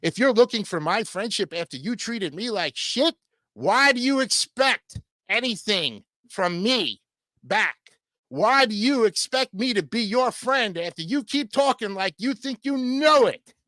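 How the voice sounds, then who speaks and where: A man's voice: sits high, expressive, a little slow, pushed and bright, dry recording, clean studio sound. A man hosting a livestream show, delivering combative, crude political commentary and repeatedly asking his audience "okay?".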